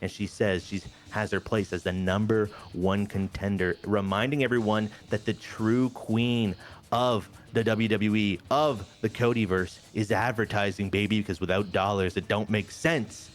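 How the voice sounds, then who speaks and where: A man with a fairly low voice tells the story of a wrestling game session like a lively storyteller. He jumps into little voices for the wrestlers as he goes, and faint music plays underneath. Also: moderate pace. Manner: animated storyteller, briefly acting out wrestlers' lines. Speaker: game show host narrating a wrestling sim. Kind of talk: casual narrated commentary.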